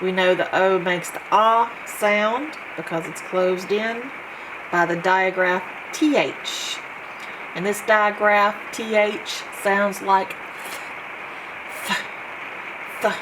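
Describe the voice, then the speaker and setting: Slow, patient woman teaching phonics. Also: medium pitch, steady tone, noisy background. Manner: slow, patient, sounds out letters one by one. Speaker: homeschool teacher. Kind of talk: phonics lesson.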